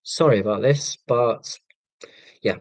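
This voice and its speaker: A man's voice: medium pitch, takes it slowly, dry recording, poor audio. Rambling self-mocking English man in his forties. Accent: southern English, Hampshire. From England. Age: 40s. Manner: rambling, self-deprecating, sarcastic; hesitant, many ums and restarts. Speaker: live stream host. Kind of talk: casual live stream chat with viewers.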